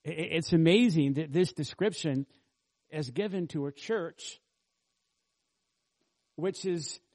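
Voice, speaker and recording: A man's voice: fairly high pitch, takes it slowly, a little mellow. A man pastor preaching an expository sermon, earnestly teaching and asking the congregation rhetorical questions.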